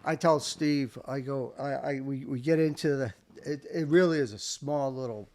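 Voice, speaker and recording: Gravelly older man telling war stories. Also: medium pitch, moderate pace. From United States. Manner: animated, swearing, acts out shouted quotes. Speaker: veteran guest. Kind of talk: casual war storytelling.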